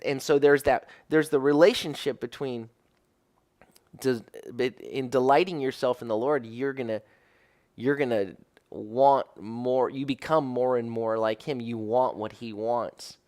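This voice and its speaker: A man preaching a sermon as rabbi, explaining Hebrew words and often asking "right?". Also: mid-range voice. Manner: teaching Bible verses, explaining Hebrew words; repeats and restarts phrases, asks "right?".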